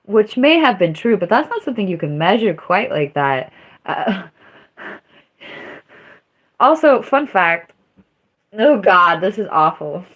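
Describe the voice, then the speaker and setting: A woman's voice: medium pitch, very animated, slow, pauses often, a bit bright. A woman streaming live, chatting casually in a rambling, self-mocking way with dramatic outbursts. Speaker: livestreamer. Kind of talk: casual livestream chat.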